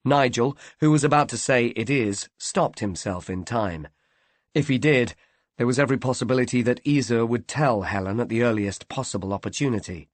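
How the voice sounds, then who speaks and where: A man reading a mystery novel aloud in a measured, expressive way. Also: mid-range voice, no room sound. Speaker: audiobook narrator. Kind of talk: scripted narration.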